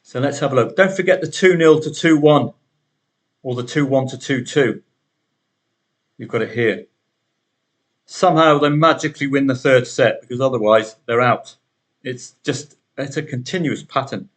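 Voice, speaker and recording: A man's voice: mid-range voice, normal speed, long pauses. A man hosting a solo betting podcast, talking through the day's matches in a chatty way with wry asides.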